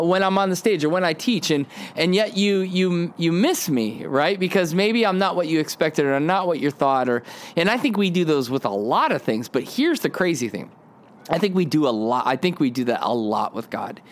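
A man who pastors, hosting a casual devotional podcast from outdoors on a windy day, talking in a relaxed, rambling way with many fillers. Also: on the high side.

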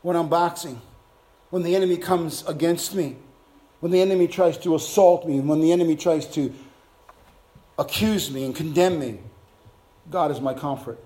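A man delivering a sermon in a high voice. He drops to a hush for tender passages, then climbs and shouts at the peaks. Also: moderate pace, pauses often. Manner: swings from soft hushed lines to loud shouted climaxes. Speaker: preacher.

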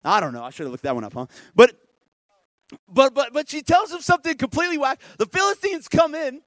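High-voiced, lively joking preacher. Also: male voice, a little fast, no echo, clean studio sound. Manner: animated, joking, swings between loud and hushed. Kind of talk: comedic storytelling sermon.

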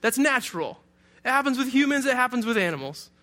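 A young pastor from Detroit, USA, preaches a sermon in a notably high, sharp voice that moves fast and sing-song. His delivery is loose and joking, full of humorous asides to his listeners.

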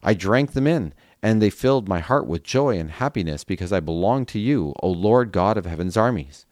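Deep-voiced man reading scripture. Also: expressive, moderate pace, a little mellow, no echo, clean studio sound. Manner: earnest reading, casual asides with fillers. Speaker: Bible reading podcast host. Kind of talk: Bible reading with brief commentary.

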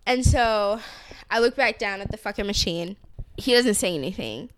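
A woman's voice: medium pitch, lively intonation, moderate pace, a little hiss or hum. A woman casually telling a profane story on a podcast, acting out the people in it.

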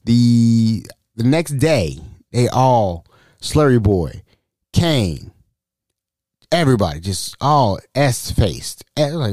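A man in his thirties tells a story on his podcast in a warm, relaxed voice. His pitch jumps all over as he acts out every quote. The close mic sounds dry. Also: a little slow, long pauses, dry recording. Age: 30s. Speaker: podcast host. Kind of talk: casual storytelling.

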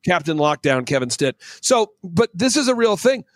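A man talking as a guest on a talk show. He is emphatic and preachy, and he repeats words when he gets excited. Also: high voice, normal speed, no echo. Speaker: guest commentator. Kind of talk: animated talk-show commentary.

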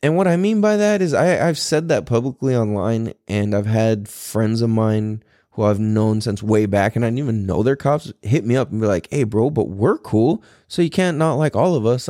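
A man hosting a podcast, telling a personal story in a rambling, profane way and acting out quotes with sudden high pitch jumps. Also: darkish tone, dry recording, clean studio sound. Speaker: podcast host. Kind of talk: casual storytelling monologue.

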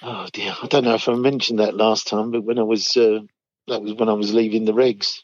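A man's voice: on the low side, steady tone, a little fast, dry recording. An older man, casually telling army stories and often chuckling. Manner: chuckles often, acts out quoted voices. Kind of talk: casual storytelling chat. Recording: dull dry recording.

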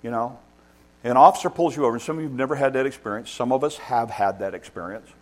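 A man's voice: medium pitch, fast talker. A man preaching a sermon as pastor, emphatic and repeating key points for stress.

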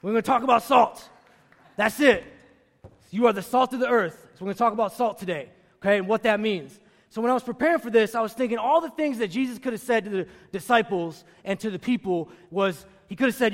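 A man's voice: high voice, expressive, fast. A man preaching a sermon who calls out to the congregation for responses and hammers his key phrases by repeating them. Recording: long reverb of a large room.

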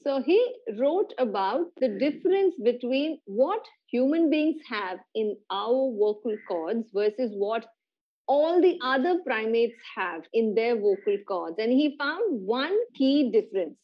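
A woman's voice: a little high, expressive, measured pace, muffled recording. A middle-aged woman hosting a podcast, patiently explaining science in casual chat with a child and laughing often. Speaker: podcast host.

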